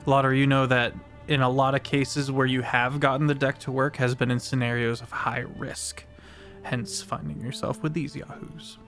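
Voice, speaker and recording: A man plays a grave, accented river lord captain. He speaks at a middling pitch in a measured way, and faint music sits underneath. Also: level tone, a bit bright, lightly acted. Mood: dry approving.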